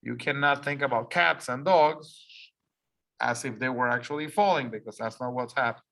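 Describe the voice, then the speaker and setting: Here the same kind of ESL lesson unfolds at normal speed, with a teacher whose first language is Spanish repeating instructions and explaining each step for learners to read back. The mid-range voice carries vocal fry and a fairly bright tone.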